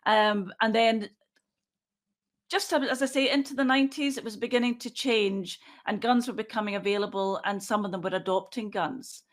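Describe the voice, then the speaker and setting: This woman, in her sixties, speaks in a mid-range, steady voice. She's a forensic pathologist responding to interview questions, reasoning out loud with a measured, no-nonsense delivery.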